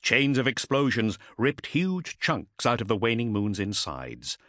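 A man's voice: medium pitch, very animated, unhurried, a bit bright, no room sound. Brief: male audiobook narrator, dramatic, wide-ranging intonation, dry close sound. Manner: dramatic, vivid reading. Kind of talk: scripted narration.

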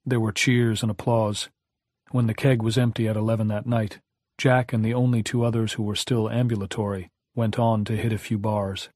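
A man reading a novel aloud as an audiobook narrator, in a measured, even storytelling manner. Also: lowish voice, no room sound, clean studio sound. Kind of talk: scripted narration.

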